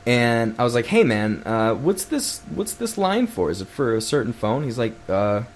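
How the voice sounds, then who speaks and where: A man's voice: medium pitch, big pitch swings, moderate pace, slight background noise. A man hosting his first solo podcast, telling a rambling story full of swearing and restarts. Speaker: podcast host.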